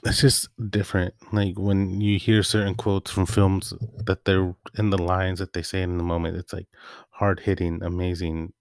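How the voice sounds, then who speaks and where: A man's voice: low voice, flat delivery, normal speed, a little mellow, no room sound, clean studio sound. A man hosting a solo podcast, talking in a loose, rambling, offhand way. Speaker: podcast host. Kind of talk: casual solo monologue.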